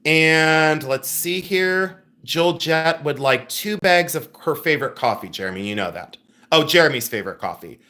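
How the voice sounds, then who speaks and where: A middle-aged man hosting a live-stream sale, reading out viewer names and orders and making quick asides to his helpers. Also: fairly high pitch, lively intonation, bright, forceful tone. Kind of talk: live-stream selling chat.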